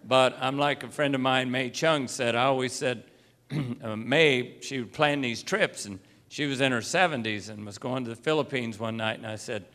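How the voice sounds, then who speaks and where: A man delivers an unscripted sermon in a mid-pitched voice, spinning folksy stories and slipping into the voices of the people he quotes. He clears his throat every so often. The sound rings out with long reverb through a large church hall. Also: normal speed, fairly bright tone. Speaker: preacher.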